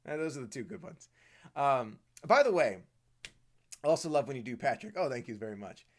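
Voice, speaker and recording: A man's voice: mid-range voice, big pitch swings, brisk. A man from the Washington, D.C. area hosting a live stream Q&A, chatty, reading viewer comments aloud and answering them. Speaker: host.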